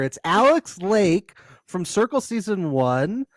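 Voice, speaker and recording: A man's voice: sits high, sing-song, moderate pace, no room sound, studio quality. A man co-hosting a podcast, introducing guests in an easygoing manner and laughing often. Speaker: podcast co-host. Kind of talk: casual chat.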